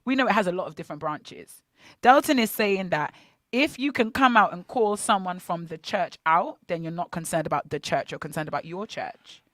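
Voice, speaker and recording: A woman's voice: on the low side, dry recording. Woman, radio co-host, from the Bahamas, casual faith chat, emphatic, dry close mic. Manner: animated, questioning, preacherly emphasis. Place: radio studio.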